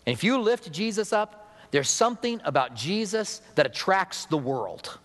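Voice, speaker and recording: A man's voice: high voice, sing-song, moderate pace, a bit bright. A middle-aged male pastor giving a conversational sermon, with chatty asides and acted-out dialogue. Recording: long hall reverb.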